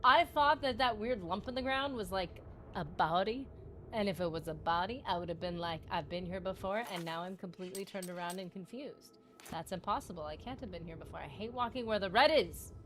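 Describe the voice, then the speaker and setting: With a medium-pitched, somewhat bright voice and a brisk pace, this streamer chats with her audience while playing a video game. She giggles, rambles and jokes, teasing viewers and her partner, and there's a bit of hiss or hum in the audio.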